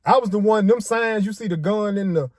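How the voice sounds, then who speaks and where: A man's voice: high voice, a little fast, no room sound, studio quality. A man from Arkansas with a Southern accent, casually telling a personal story in slangy street talk and acting out the quotes.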